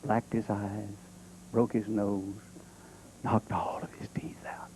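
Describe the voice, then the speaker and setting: A man's voice: fairly low pitch, flat delivery, slow, darkish tone, slight background noise, rough recording. A man doing a drawling country-boy comic. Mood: droll. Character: folksy Southern country-boy comic storyteller, male. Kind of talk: stand-up comedy monologue.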